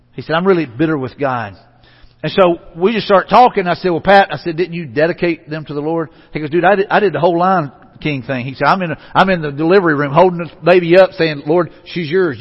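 A man pastor preaching a conversational sermon in a church, repeating phrases and letting line endings drop soft. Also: a little high. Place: church sanctuary. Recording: dull, reverberant church hall recording.

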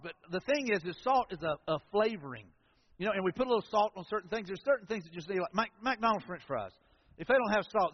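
A man's voice: high voice, slight background noise. A man preaching a sermon to a congregation in a church sanctuary, in a folksy, conversational style with storytelling asides. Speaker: pastor. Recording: echoey hall, dull lo-fi sound.

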